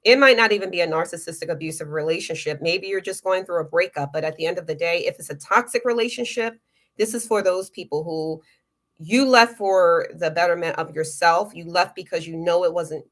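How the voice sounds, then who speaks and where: A woman's voice: on the low side, fairly bright tone. A middle-aged woman talking straight to her viewers in a casual, earnest way, giving encouragement and repeating words for emphasis. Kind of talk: casual motivational talk to camera.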